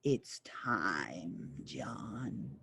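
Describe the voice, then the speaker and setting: A woman voicing a huge, grim father devil who speaks low, slow and threatening. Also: expressive, creaky, a bit bright, slightly rough, no room sound, exaggerated voice. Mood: menacing.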